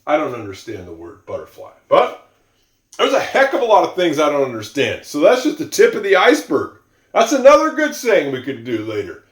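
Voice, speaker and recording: A man's voice: a little high, wildly swooping pitch. Man teaching English in an echoey room. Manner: slow, repeats example sentences, musing asides. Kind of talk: explaining English to learners.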